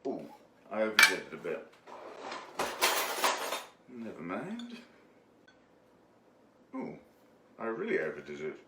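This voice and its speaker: A man's voice: on the low side, wildly swooping pitch, slow, pauses often, background noise. A man giving a rambling, jokey cooking demonstration in his home kitchen, with lots of fillers. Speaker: home baker. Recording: echoey room.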